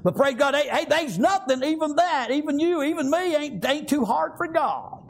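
A man's voice: very high-pitched, expressive, normal speed, gravelly. An older man preaching a fervent sermon, repeating praise God and amen in folksy phrasing.

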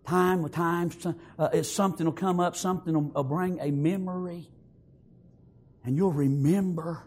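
A man preaching an emotional funeral sermon in a church, repeating himself and halting, then swelling into tearful, emphatic exclamations. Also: on the high side, fairly even intonation, a little mellow. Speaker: pastor at a memorial service. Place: church sanctuary.

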